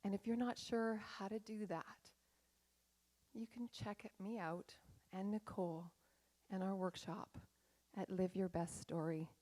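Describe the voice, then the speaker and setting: A woman's voice: medium pitch, steady tone, unhurried, mellow. A middle-aged woman, a life coach, giving a candid and dramatic personal storytelling talk on stage.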